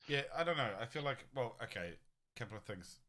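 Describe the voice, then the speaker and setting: A man's voice: medium pitch, animated, fairly quick, a crowd in the background. A man playing a tabletop game, chatting in a rambling, joking way. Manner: rambling, joking, laughs often. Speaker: player. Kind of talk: casual chat during a tabletop game.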